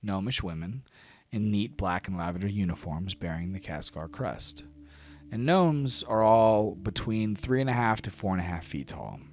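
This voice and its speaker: A man's voice: on the low side, moderate pace, a little mellow. A man narrating a tabletop game as game master, descriptive and casual, with many fillers. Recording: faint music behind.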